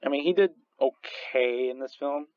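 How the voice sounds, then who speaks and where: Male vlogger, casual rambling movie reviewer, mid pitch, dry slightly muffled recording. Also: moderate pace, dry recording. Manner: rambling, full of restarts and fillers, laughs often. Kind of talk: casual chat.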